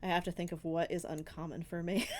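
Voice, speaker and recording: A woman's voice: fairly low pitch, little pitch movement, fairly quick, a little hiss or hum. A woman with a Southern US accent, a streamer chatting casually and rambling with lots of fillers and giggles during a Q&A. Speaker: streamer and artist.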